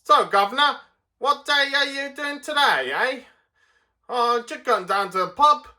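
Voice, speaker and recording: A man's voice: animated, measured pace, sharp tone, full character voice. A man voicing a chatty Cockney man on his way to the pub, with a cheery, exaggerated Cockney accent. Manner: cheery, exaggerated, high-pitched.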